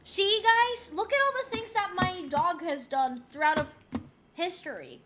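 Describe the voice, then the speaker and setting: A woman from Rico, chatting casually on a live stream. She is excitable and swears freely. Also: high-pitched, normal speed. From Puerto Rico.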